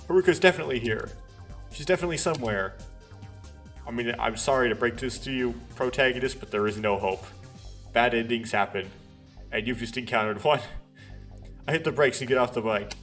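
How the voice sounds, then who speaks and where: A man hosts a let's play, reading a visual novel aloud with earnest drama. He stumbles and restarts now and then and slips in wry asides. His voice sits at an ordinary middle pitch.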